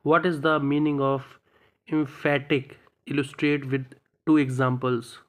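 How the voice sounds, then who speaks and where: Flat-voiced man asking vocabulary questions. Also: medium pitch. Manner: plain, halting questions. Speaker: English learner. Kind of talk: practice questions.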